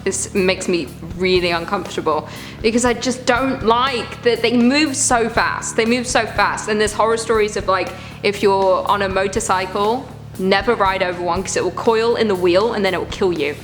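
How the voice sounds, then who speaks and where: A woman chatting through a reaction video, groaning and exclaiming in disgust at what she watches. Her pitch sits mid-range for a woman. Music plays clearly beneath her voice. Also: moderate pace. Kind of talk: casual reaction commentary.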